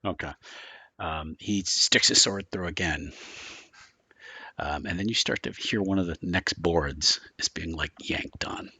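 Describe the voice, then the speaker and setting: A man's voice: deep voice, a little slow, pushed and bright, slightly rough, dry recording. A man running a tabletop horror game as game master, describing scenes in a loose, rambling way full of filler words.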